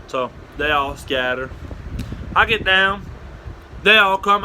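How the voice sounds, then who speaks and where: A man telling a rambling comic story and jumping into loud, high voices for the quotes. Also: animated, slow pace, slight background noise, poor audio. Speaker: comedic storyteller.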